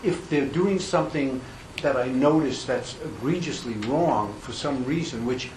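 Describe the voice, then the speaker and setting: An older man, a film director answering questions at a press conference, speaking haltingly with restarts and self-deprecation. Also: mid-range voice, darkish tone. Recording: echoey room with background noise.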